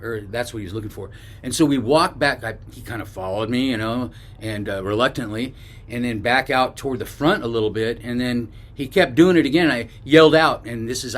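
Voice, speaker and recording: A man's voice: mid-range voice, a bit bright. A man from northern California, a bikepacking vlogger, telling a story to camera in a loose, rambling way with restarts and asides.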